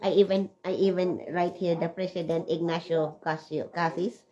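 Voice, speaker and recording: A woman's voice: on the low side, fairly even intonation, moderate pace, warm tone, poor audio. Chatty emotional woman. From Switzerland. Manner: emotional, tearful at times, chatty with many fillers. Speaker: vlogger. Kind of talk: rambling personal vlog.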